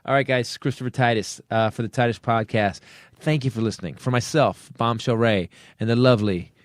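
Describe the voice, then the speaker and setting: A man hosting a comedy podcast, joking loudly and laughing often in a studio. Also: medium pitch, fairly quick, no room sound. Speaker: podcast host. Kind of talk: casual comedic chat.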